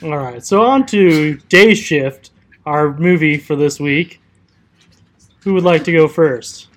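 A man's voice: fairly high pitch, takes it slowly. Dry podcast man steering the chat. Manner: dry, steers back on topic. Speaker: podcast co-host. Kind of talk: casual comedy chat.

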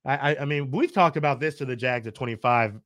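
A man's voice: medium pitch, quick pace, a bit bright, no echo, clean studio sound. A man co-hosting a casual sports podcast, laid-back and opinionated, using slang and laughing easily.

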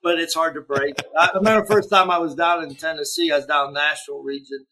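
A man's voice: fairly high pitch, fairly even intonation, fast, pushed and bright, low-quality recording. A man from eastern Ohio with a Pittsburgh-area accent, talking in an easygoing, rambling way as a guest in an interview. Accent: Pittsburgh-area (Yinzer). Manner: rambling, easygoing, many fillers. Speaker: guest musician. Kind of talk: casual interview chat.

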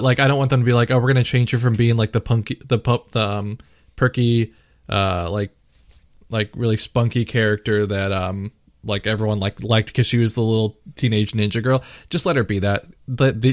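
A man's voice: on the low side, steady tone, normal speed, dry recording, studio quality. Rambling man in casual gaming chat. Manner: rambling, many fillers, mock quoting. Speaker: podcast co-host.

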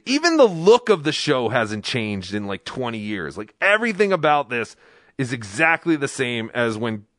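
A man with a mid-pitched voice and a dry, close sound, chatting loosely as he reacts to a clip. He talks wryly, with plenty of "like" and offhand asides. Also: sing-song, normal speed, fairly bright tone, no room sound. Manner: chatty, wry, lots of "like". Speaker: podcast host. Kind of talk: casual commentary on a clip.

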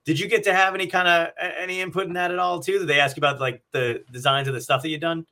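A man's voice: fairly high pitch, little pitch movement, fast talker, pushed and bright. A male host asks questions in a casual chat and reacts in an eager, enthusiastic way, with slang.

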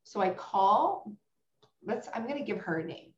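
A woman's voice: mid-range voice, animated, a little slow. A woman who owns a salon, telling a story in a casual interview in a frank, blunt way that turns to swearing when she is upset. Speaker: salon owner. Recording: roomy, slightly dull sound.

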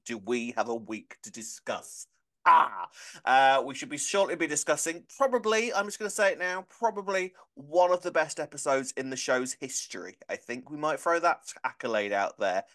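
A man's voice: mid-range voice, sharp tone. A man hosting a podcast, chatting in a playful, teasing way. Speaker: podcast host. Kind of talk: casual chat.

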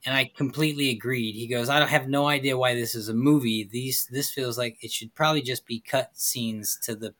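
A man's voice: medium pitch, fairly even intonation, brisk, few pauses, a bit bright. A man co-hosting a casual talk show, making his points emphatically and arguing back. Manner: emphatic, argumentative. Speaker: podcast co-host. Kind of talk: casual chat.

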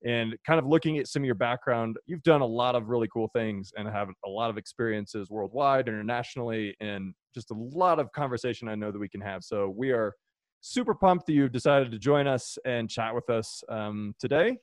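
A man's voice: medium pitch, fairly quick, no room sound. Chatty man hosting a podcast, dry sound. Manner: friendly, chatty, many fillers. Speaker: podcast host. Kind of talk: podcast intro and interviewing.

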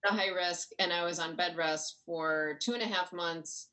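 A woman from Chicago being interviewed, talking quickly and earnestly and restarting her sentences. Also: on the low side, fairly even intonation, bright, forceful tone, poor audio. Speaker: interview guest, host's sister. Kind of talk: conversational interview.

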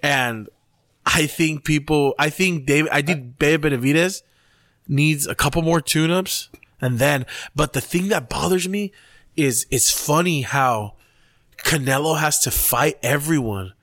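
Guy on a podcast, kinda high voice, swears a ton, really animated, dry close mic. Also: a little slow, no room sound. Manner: animated, swears a lot, acts out quotes. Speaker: podcast co-host. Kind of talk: casual sports chat.

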